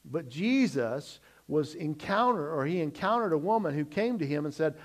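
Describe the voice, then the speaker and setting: A middle-aged man preaching a sermon as pastor, swinging between loud emphatic lines and quiet low asides, often repeating words as he restarts. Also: lively intonation, moderate pace, few pauses.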